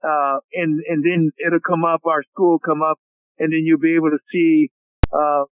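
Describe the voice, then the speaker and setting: A man's voice: on the high side, moderate pace. A man in his sixties, a college football coach, telling stories with energy during a phone interview and often calling the hosts "fellas". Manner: animated storyteller who keeps addressing the hosts as "fellas". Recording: tinny phone line with hiss.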